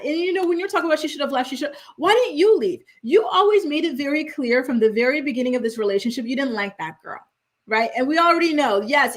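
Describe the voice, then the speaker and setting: A young woman hosting a chatty, opinionated reality TV recap, with exasperated asides. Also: high voice. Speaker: host.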